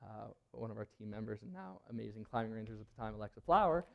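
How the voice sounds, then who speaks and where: A search and rescue team member, a man with a lowish, expressive voice and some vocal fry, talks fast as he tells a story at a public event in an auditorium. His delivery is casual and rambling, full of fillers and restarts, and the audio sounds dull.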